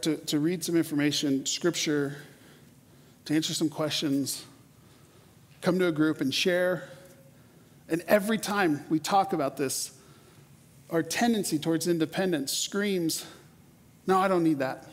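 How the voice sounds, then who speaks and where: High-voiced pastor preaching in a reverberant hall. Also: male voice. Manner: conversational, animated, repeats words when starting sentences. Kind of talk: sermon.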